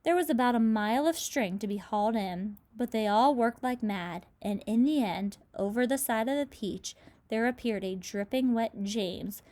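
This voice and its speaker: A woman reading a children's book aloud, with lively voices for the characters. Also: a little high. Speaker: storybook reader.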